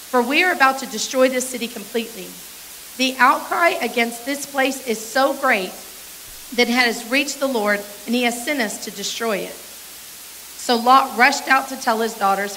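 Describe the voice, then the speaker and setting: Bright-voiced woman pastor reading scripture. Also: a little high, slight background noise, rough recording. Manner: reads scripture aloud with brief asides to the congregation.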